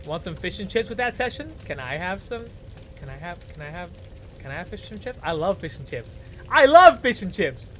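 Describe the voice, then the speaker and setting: A man's voice: high-pitched, expressive, fairly quick, a little hiss or hum. A man casually commenting on his gameplay, playful and laughing often as he reads the story aloud. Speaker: streamer. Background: faint background music.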